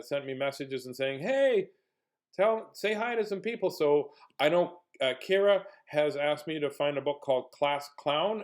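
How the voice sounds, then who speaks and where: A man hosting a casual read-aloud stream for children, chatting playfully and joking with young viewers between pages. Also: medium pitch. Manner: jokey, clowning between reading. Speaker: children's book reader and host.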